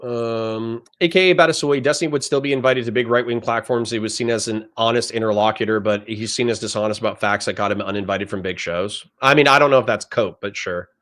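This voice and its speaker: A man's voice: on the low side, a little fast, few pauses, fairly bright tone. Heated, profane man ranting at chat. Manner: heated, profane, lectures the audience. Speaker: streamer reacting to chat. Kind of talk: ranting political commentary.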